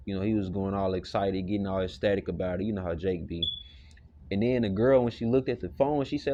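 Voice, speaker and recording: A man with a low voice leads an informal Bible lesson, rambling in a relaxed, conversational way. He leans on "you know" and drops the occasional curse. The recording is dull and lo-fi. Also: fast talker, a little hiss or hum. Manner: loose and conversational, with frequent "you know" and profane asides. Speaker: Bible teacher. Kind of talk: casual spoken Bible lesson.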